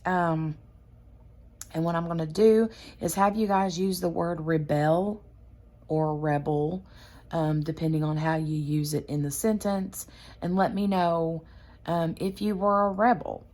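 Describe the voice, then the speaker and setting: A woman's voice: on the low side, steady tone, measured pace, darkish tone. A woman hosting a craft channel, chatting casually and rambling with lots of fillers. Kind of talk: casual chat.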